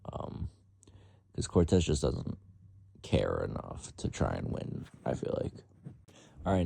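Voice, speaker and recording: A man's voice: sits low, gravelly, warm tone, no room sound. A young man giving casual, rambling, profane fight predictions in a vlog. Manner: rambling, profane, lots of fillers.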